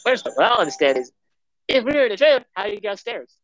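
A man's voice: sits high, sing-song, racing, fairly bright tone, no echo, lo-fi sound. A man putting on a mock British accent to play a snooty, insulting British man in an improvised comedy skit. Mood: sneering. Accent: put-on British. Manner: sneering, taunting.

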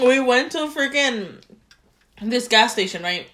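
A young woman co-hosting a podcast, telling a story in casual chat, animated, laughing and swearing freely. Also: a little high, unhurried. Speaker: podcast co-host.

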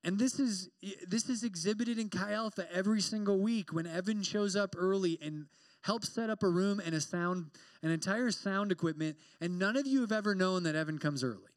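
A young man preaching a sermon as a campus pastor, animated and joking, acting out quoted exchanges as he talks. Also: sits high, a little fast, dry recording.

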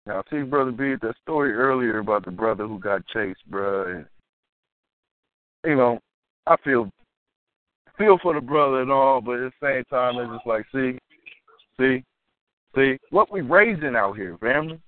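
Male caller, lively swooping delivery, street slang, dry phone-line sound. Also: medium pitch, moderate pace, pauses often, dry recording. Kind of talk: casual call-in talk show.

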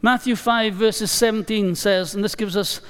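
A man preaching a sermon in a church, emphatic and deliberate, repeating key phrases for weight. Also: high voice, steady tone, clear, resonant tone. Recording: long reverb of a large hall.

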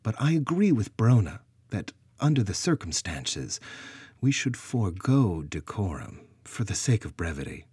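A man's voice: fairly low pitch, big pitch swings, normal speed, a little mellow, husky, dry recording, clean studio sound, exaggerated voice. A man voicing a stern regal goddess queen. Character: proud commanding goddess queen, woman.

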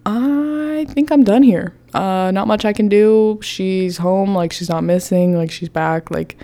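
A woman's voice: mid-range voice, unhurried, natural voice. A woman doing a hesitant awkward cop. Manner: hesitant, soft, trailing off. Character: awkward male police officer, unsure and quiet.

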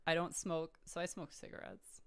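A woman's voice: fairly low pitch, little pitch movement, normal speed, a bit bright, smooth. A woman who works as a restaurant server, chatting casually and self-deprecatingly with plenty of fillers. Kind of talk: casual podcast chat.

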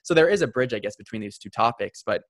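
Young male host, low dry voice, reflective, halting casual talk. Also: animated, dry recording. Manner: reflective, hesitant, repeats words. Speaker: podcast host. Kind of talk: casual conversation.

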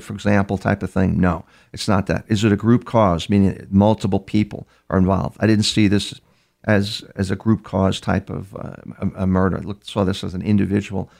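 Older guy telling case stories in an interview, lowish gravelly voice, lots of restarts. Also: darkish tone. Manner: anecdotal, with many restarts. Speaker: criminal profiler guest. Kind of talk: interview storytelling.

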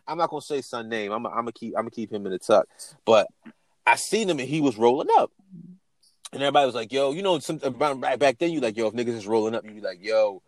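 A man's voice: medium pitch, fast, no room sound. A man co-hosting a podcast, telling stories in casual, profane chat, acting out quotes and laughing often. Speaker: podcast co-host.

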